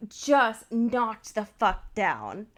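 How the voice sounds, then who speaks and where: A woman co-host talks through a TV recap at an unhurried pace, her pitch sitting in an ordinary middle range. She speaks loosely and profanely, leaning on fillers and acting out what the characters said. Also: very animated, fairly bright tone. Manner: loose, profane, full of fillers and acted-out quotes. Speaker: podcast co-host. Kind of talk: casual episode recap chat.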